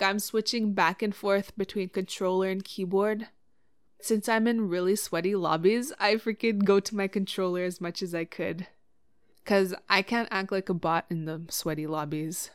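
Woman, podcast host, casual chatter, cursing, smooth voice, dry close sound. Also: medium pitch, no room sound. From Cree community in Canada. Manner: chatty, swears freely, animated when excited. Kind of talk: casual solo podcast update.

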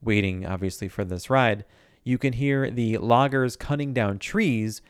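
Man, casual co-host, smooth clear voice, joking, laid-back, dry close recording. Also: mid-range voice, measured pace, dry recording. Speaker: podcast co-host. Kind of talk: casual chat.

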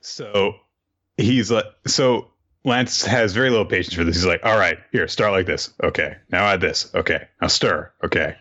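A man casually recapping an anime episode on a podcast, rambling and dropping into quick quoted character voices. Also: low voice, sharp tone, highs cut off. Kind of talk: casual chat.

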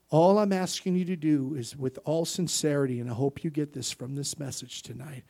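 A man delivers a sermon in a voice pitched a little above the usual for men. He tells his testimony softly and slowly, then climbs into loud, driving preaching, dropping "amen" after nearly every phrase. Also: vocal fry, husky. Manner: testimony that swells from hushed to loud emphatic preaching; punctuates with frequent "amen".

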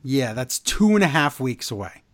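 A man's voice: moderate pace, no room sound. A man co-hosting a wrestling podcast, recapping the week's shows in casual chat, growing exasperated and incredulous. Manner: animated, exasperated, voice climbs high in disbelief. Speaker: podcast co-host.

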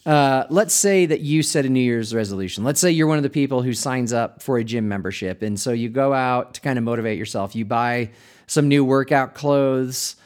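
A male pastor hosts a reflective podcast in an easy, conversational way. His voice sits at an ordinary middle pitch, and he laughs lightly and restarts words as he thinks aloud. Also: moderate pace, a little mellow.

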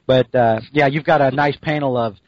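A man's voice: medium pitch, fairly even intonation, normal speed, dry recording, dull audio. A man co-hosting a comic-book podcast, telling the story in a rambling, joking way with lots of fillers. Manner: rambling, jokey, full of fillers. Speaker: podcast co-host.

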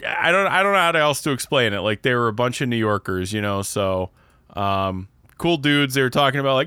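A man's voice: medium pitch, expressive, brisk, bright, forceful tone, clean tone, dry recording, clean studio sound. A young man from Pennsylvania with a Pennsylvania accent, co-hosting a podcast in casual chat and rambling with many restarts. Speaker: podcast co-host.

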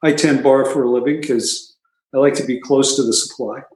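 A man's voice: mid-range voice, fairly even intonation, moderate pace, a little mellow. A man casually telling his recovery story, with wry, self-mocking humor and frequent asides. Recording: echoey room.

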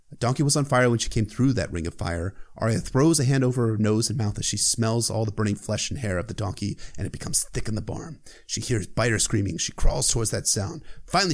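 A man casually recapping a book chapter as a podcast host, irreverent and profane, with joking asides. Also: fairly low pitch.

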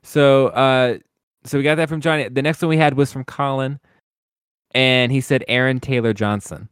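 A man hosting a casual podcast in a middle-pitched, unhurried voice. He steers the chat by reading out listener picks, and the sound is close and dry. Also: steady tone, smooth, dry recording. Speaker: podcast host. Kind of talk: casual fan discussion.

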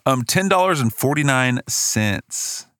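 A man's voice: mid-range voice, lively intonation, measured pace, a bit bright, dry recording, clean studio sound. A man hosting a podcast in casual chat, teasing and laid-back, chuckling along. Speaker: podcast host.

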